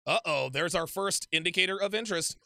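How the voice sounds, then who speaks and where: Animated profane man, bright creaky voice. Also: high-pitched, brisk, no echo. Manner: animated, profane, repeats himself. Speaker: commentator reacting to a dating show. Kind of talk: casual profane reaction commentary.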